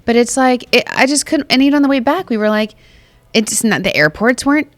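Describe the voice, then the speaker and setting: Woman, New York accent, podcast co-host, animated casual chat, dry sound. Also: on the high side, brisk, no room sound. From Long Island, New York. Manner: animated, laughs often, talks over her co-host.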